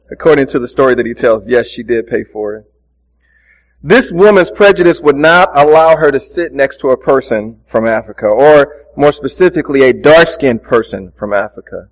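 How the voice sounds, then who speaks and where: A man's voice: a little high, long reverb tail, lo-fi sound. A man preaching a sermon, praying and telling a story with casual, earnest asides. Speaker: pastor.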